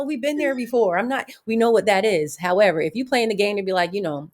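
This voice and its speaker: A middle-aged woman co-hosting a podcast in casual chat, animated and acting out quoted voices with big pitch jumps. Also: fast. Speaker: podcast co-host.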